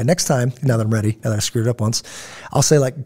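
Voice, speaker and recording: With a medium-pitched, mellow voice and a quick pace, a middle-aged man hosts a podcast. He chats casually and digressively through his stories, acting out the people he quotes.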